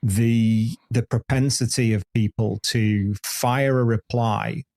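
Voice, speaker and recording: A podcast host in his fifties tells rambling anecdotes full of restarts during a candid interview. His voice is lowish and a little mellow, with fairly even intonation and a slow pace.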